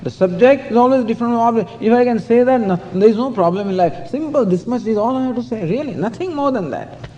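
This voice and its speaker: A man's voice: very high voice, expressive, quick pace, mellow, slight background noise. A man giving a scriptural discourse as a spiritual teacher, telling stories with chuckles and saying "you know" often. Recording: dull lo-fi recording in a hall.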